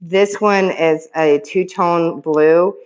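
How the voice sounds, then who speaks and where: A woman showing off her handmade resin keychains in a casual, excitable, rambling vlog, repeating words for emphasis. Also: on the low side, slow, dull audio. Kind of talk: casual show-and-tell vlog.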